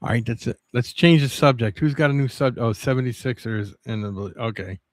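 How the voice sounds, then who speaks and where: A man livestreaming, chatting casually with viewers in a rambling, halting way with many restarts. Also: mid-range voice, dry recording, studio quality.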